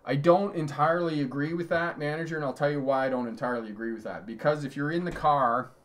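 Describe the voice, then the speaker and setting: A man's voice: on the high side, quick pace. A middle-aged man, a driving instructor, giving a live lesson, telling road stories with chuckles and reading out viewer questions. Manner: conversational, storytelling with chuckles. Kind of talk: live-streamed lesson answering chat.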